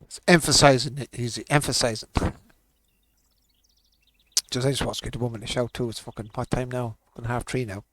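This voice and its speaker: A man streaming a game and chatting loosely with friends on a voice call. His voice sits at an ordinary middle pitch for a man. He swears casually and laughs easily as he talks. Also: steady tone, fairly quick, long pauses, a bit bright, no room sound. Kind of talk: casual gaming stream chat.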